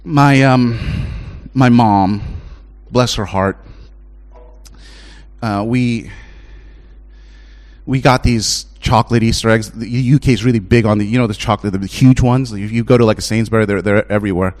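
A middle-aged man preaching a sermon as a chaplain, shifting between impassioned high-pitched pleading and low, hushed storytelling. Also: steady tone, normal speed.

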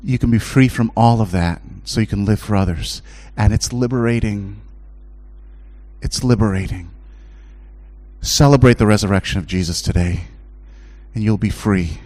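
At a slightly quick pace, a middle-aged chaplain gives a sermon that alternates between hushed, low storytelling and high, impassioned pleading.

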